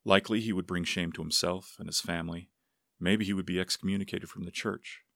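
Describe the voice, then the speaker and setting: A man narrating a story aloud in a steady, unhurried manner. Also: sits low, creaky, dry recording, clean studio sound. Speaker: audiobook narrator. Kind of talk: scripted narration.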